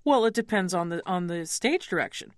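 A woman's voice: fairly low pitch, lively intonation, no echo, clean studio sound. A middle-aged woman opera singer, interviewed about her roles, speaking thoughtfully and candidly. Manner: thoughtful, candid, coaches pronunciation slowly. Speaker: opera singer, mezzo-soprano guest. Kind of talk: interview conversation.

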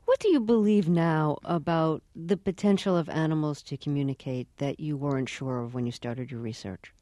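A woman interviewer with a low, warm voice, asking measured and gentle questions. She searches for her words a little as she frames each one. The sound is close and dry, made at a studio mic. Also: dry recording. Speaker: radio interviewer, host.

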